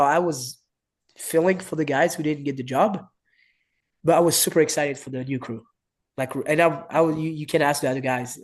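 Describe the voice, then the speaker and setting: A man in his thirties from France with a French accent, a wrestling coach telling a story as a podcast guest, animating the quoted voices in broken English. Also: a little high. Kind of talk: casual interview storytelling.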